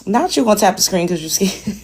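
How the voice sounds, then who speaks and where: A woman's voice: mid-range voice, a little mellow, slightly rough. A woman from Brooklyn with a New York accent, hosting a live panel chat in a blunt, profane, exasperated way. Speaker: host.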